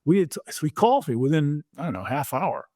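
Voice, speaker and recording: A man in his sixties, a former pro football player, telling stories as a podcast guest in an animated way, often repeating words and acting out quotes. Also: fairly high pitch, fairly quick, dry recording, clean studio sound. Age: 60s. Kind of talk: conversational storytelling.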